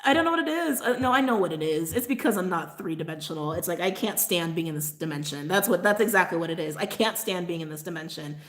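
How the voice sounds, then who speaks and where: A woman's voice: lowish voice, fast talker, few pauses. A woman hosting a casual livestream chat, ranting in a rambling way, saying "like" constantly, laughing often and apologizing. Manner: apologetic asides. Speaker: tarot channel host.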